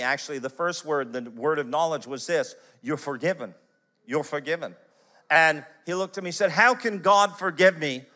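Male pastor, bright voice, energetic sermon delivery with punchy emphasis. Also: medium pitch. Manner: animated storyteller, quick bursts of emphasis. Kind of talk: sermon with personal stories.

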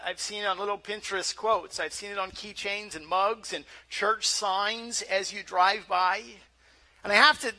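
A man's voice: high-pitched, sharp tone. A male pastor preaching a sermon in a conversational way, often repeating words as he starts a phrase.

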